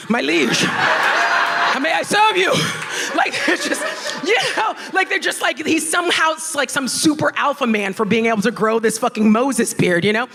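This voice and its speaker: A woman doing a stand-up set in a comedy club, telling a story in a brash, profane, animated way. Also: fairly high pitch, slight background noise.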